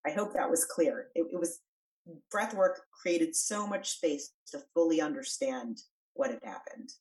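A woman's voice: deep voice, unhurried, darkish tone, far from the mic, poor audio. A middle-aged woman guest on a podcast, talking earnestly and emphatically about breath and stress. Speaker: podcast guest, energy worker. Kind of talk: conversational interview.

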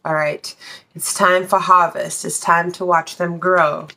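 A woman with a fairly low, creaky, sharp-toned voice reads tarot a little slowly and in a steady tone. Blunt and casual, she speaks straight to her audience, curses liberally, and breaks into snatches of song.

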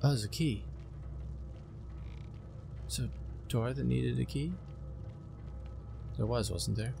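A young man with a gravelly edge to his voice, talking his way through a game in a loose, chatty way. He hesitates and second-guesses himself, and he speaks to the characters on screen. There is a clear hiss of noise behind him. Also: medium pitch, takes it slowly. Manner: chatty, unsure, talks to game creatures. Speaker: gaming commentator. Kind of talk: casual let's-play commentary.

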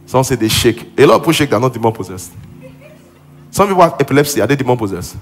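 A man's voice: medium pitch, big pitch swings, quick pace, breathy edge, soft background music. A man preaching a sermon as pastor in a church auditorium, building to exclaimed emphasis.

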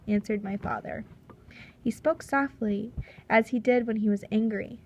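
A woman reading a storybook chapter aloud in a measured, steady narration. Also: a little high. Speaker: audiobook reader.

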